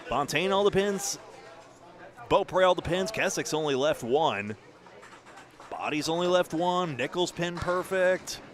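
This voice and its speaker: Animated New England bowling commentator, man. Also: on the high side, unhurried, pauses often. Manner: chatty, animated play-by-play. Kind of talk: live sports commentary. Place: bowling alley. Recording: crowd noise behind.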